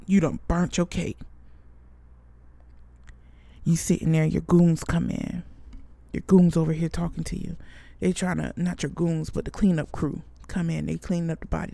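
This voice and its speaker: A woman's voice: on the low side, lively intonation, normal speed, gravelly, warm tone, no room sound. A woman hosting a casual podcast, answering a listener letter and telling a brash, profane comic story full of sound effects. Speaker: podcast host.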